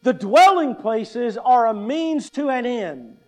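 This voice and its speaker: A middle-aged man delivers a sermon in a fairly high voice, taking his time over every phrase. He repeats his key points and puts rhetorical questions to the congregation, and his delivery stays measured and emphatic. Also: expressive, a little mellow. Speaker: pastor.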